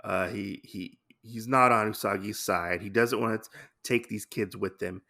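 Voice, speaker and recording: A man casually recapping a comic story for his podcast. His voice is gravelly and bright, with a bit of fry. He rambles along loosely, with plenty of filler. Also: fairly low pitch, steady tone, normal speed. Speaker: podcast host.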